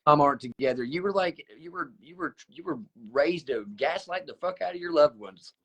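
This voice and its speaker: A man's voice: a little high, sing-song, fairly quick, creaky, fairly bright tone. A man hosting a podcast, blunt and profane as he teases his guest and tells his own stories. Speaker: podcast host. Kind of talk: casual podcast chat.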